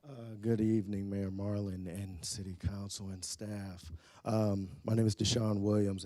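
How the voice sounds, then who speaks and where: A man with a very dark, low-pitched voice addresses a city council. He talks in a flat, even tone, hesitating often and filling his pauses with fillers. The sound is dry and close. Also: no echo. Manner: hesitant, full of fillers and restarts, often trailing off softly. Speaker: public commenter. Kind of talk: public comment speech. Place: city council meeting chamber.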